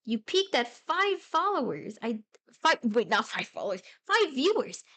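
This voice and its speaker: A young woman streams herself drawing and chats with viewers in a relaxed, unhurried way. Her voice sits a little high, and she drifts between idle musing and playful, excited outbursts. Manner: playful, rambling, animated bursts of excitement. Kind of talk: casual live-stream chat while drawing.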